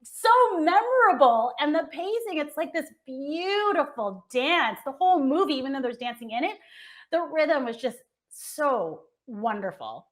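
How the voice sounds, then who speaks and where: A woman's voice: high-pitched, sing-song, measured pace. An American woman hosting a casual entertainment chat show, talking with gushing enthusiasm. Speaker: host.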